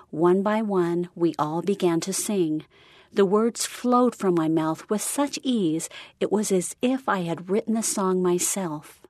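A woman reading a short story aloud in an even, measured narration. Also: fairly low pitch, no room sound, studio quality. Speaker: story reader. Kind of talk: scripted narration.

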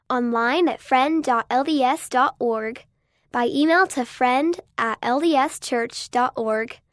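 A woman's voice: high-pitched, dry recording, clean studio sound. A woman earnestly reading a children's magazine story aloud. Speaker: reader.

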